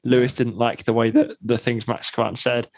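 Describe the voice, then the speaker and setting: A man's voice: medium pitch, flat delivery, a little fast, no room sound, rough recording. A man co-hosting a podcast in casual chat, talking things through in thoughtful, longer runs. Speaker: podcast co-host.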